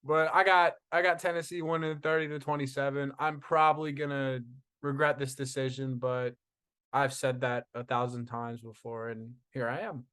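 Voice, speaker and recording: A man's voice: medium pitch, level tone, moderate pace, fairly bright tone, clear, resonant tone. A man from Kansas co-hosting a casual sports podcast, jokey, slipping into a mock country drawl. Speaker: podcast co-host.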